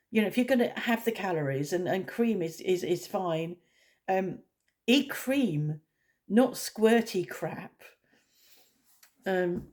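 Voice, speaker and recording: Low, gravelly-voiced woman chatting. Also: a little mellow. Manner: opinionated, blunt. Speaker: vlogger. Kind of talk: casual rambling chat.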